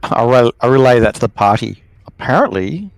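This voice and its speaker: A man's voice: mid-range voice, fairly even intonation, brisk, vocal fry, smooth, dry recording, poor audio. A man playing a tabletop game, describing his character's actions in a thoughtful, hesitant way. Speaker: player.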